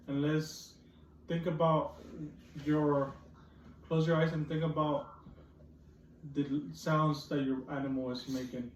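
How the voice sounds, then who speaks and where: A woman's voice: low voice, fairly even intonation, measured pace. A woman teacher leading a phonics lesson with young children, drilling words over and over in a coaxing way. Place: classroom. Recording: echoey classroom from far off, faint noise.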